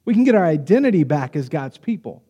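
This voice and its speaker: A man preaching a sermon as the pastor, in a conversational, animated way with quick acted asides. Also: on the high side, breathy edge, long reverb tail, lo-fi sound.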